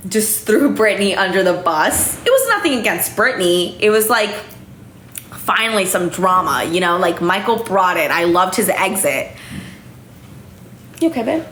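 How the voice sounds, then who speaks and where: A chatty, slightly tipsy young woman runs a casual home livestream, full of fillers and offhand swearing. Her lowish, fairly bright voice swings widely in pitch at a moderate pace with long pauses, recorded in an echoey room with faint noise.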